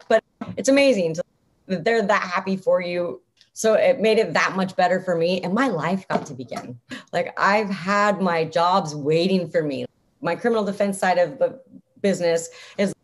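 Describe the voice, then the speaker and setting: Young adult woman, interview guest, slightly low voice, lively and chatty with lots of fillers. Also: normal speed. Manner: upbeat, chatty, frequent "like" fillers and laughs. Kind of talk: casual interview talk.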